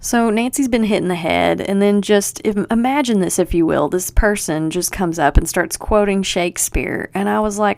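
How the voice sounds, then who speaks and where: A woman hosting a podcast, talking through a book in a chatty, animated, sarcastic way. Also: medium pitch, normal speed, gravelly, hardly any pauses, dry recording. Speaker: podcast host. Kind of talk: casual book-review chat.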